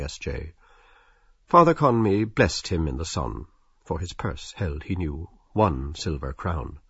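A man narrating a literary audiobook in a measured, wry and expressive storytelling manner. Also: low voice, husky, no echo, lo-fi sound.

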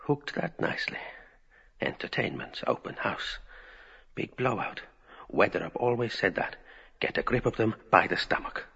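A man's voice: on the low side, sing-song, normal speed, gravelly, pushed and bright, slightly rough, full character voice. A man voicing a wry, thoughtful middle-aged man's inner monologue, in muttered musing asides. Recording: reverberant, dull lo-fi.

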